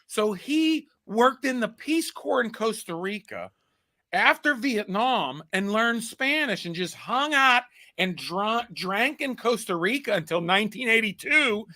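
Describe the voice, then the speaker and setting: A man in his forties hosting a podcast, chatting casually and telling animated stories full of put-on quotes and laughter. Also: high voice, measured pace. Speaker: podcast host. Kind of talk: casual chat.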